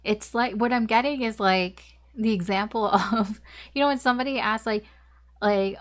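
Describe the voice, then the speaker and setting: A woman's voice: a little high, moderate pace. A woman giving a casual tarot reading, talking in a rambling, chatty way full of fillers and the odd swear word. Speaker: tarot reader.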